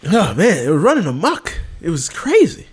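Animated man telling an exasperated story. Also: on the high side, moderate pace, breathy edge. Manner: animated, acts out dialogue with exasperated outbursts. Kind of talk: casual storytelling chat.

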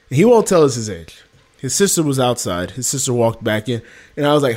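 Brief: man, slightly high voice, lively storyteller, acts out exasperated dialogue. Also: fast. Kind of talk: casual storytelling chat.

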